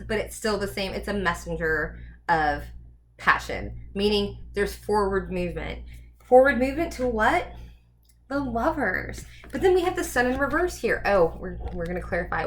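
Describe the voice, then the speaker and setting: Rambly woman reading tarot cards, lots of ums and likes, medium pitch, bit of hiss behind. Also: moderate pace, a bit bright. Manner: chatty, rambling, thinking aloud with many fillers. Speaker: tarot reader.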